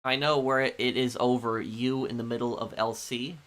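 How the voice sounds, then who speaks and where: A man live-streaming a game, chatting casually with viewers in a rambling, halting way full of ums and restarts. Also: medium pitch, steady tone, fairly bright tone. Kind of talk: casual chat answering viewers.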